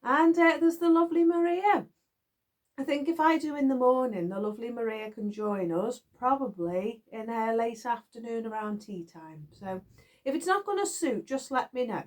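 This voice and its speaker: Middle-aged UK woman, chatty craft vlogger, giggly and rambling, fairly high, very animated pitch. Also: normal speed. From United Kingdom. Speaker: knitting vlogger. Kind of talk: casual chat to viewers. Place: garden shed.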